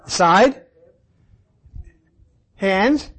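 Man, high-pitched, leading an interactive Bible study that leans on questions. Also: expressive, extremely slow, fairly bright tone, low-quality recording. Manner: quizzes listeners with questions, repeats key words. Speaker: Bible teacher.

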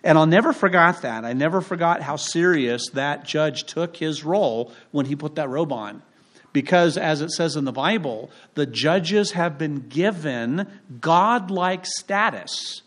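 A male pastor delivers his sermon as relaxed, humorous storytelling, leaning on his own anecdotes. His voice sits somewhat high for a man, and the delivery stays conversational rather than formal. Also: measured pace. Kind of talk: sermon with personal stories. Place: church.

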